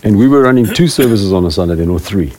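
A man's voice: on the low side, lively intonation, quick pace, a little mellow. A middle-aged man, a preaching elder, giving a rambling, self-deprecating talk to a small group of church leaders. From South Africa.

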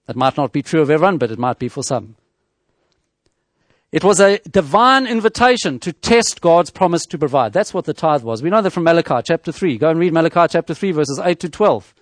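A man's voice: fairly high pitch, expressive, no echo. Man preaching in a dry close voice. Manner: measured teaching tone, with frequent restarts and rhetorical questions. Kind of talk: sermon.

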